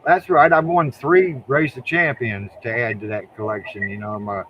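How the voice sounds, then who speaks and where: A man's voice: medium pitch, fairly even intonation, normal speed, lo-fi sound, slight background noise. An older man from Ohio, a guest drag racer, telling folksy stories in casual interview chat, often repeating words and chuckling.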